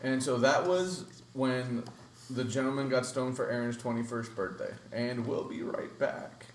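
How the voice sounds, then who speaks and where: A man's voice: mid-range voice, a little slow, recorded from a distance. A man co-hosting a casual podcast, teasing and crude. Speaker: podcast co-host. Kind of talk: casual group chat. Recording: echoey room, set back from mic.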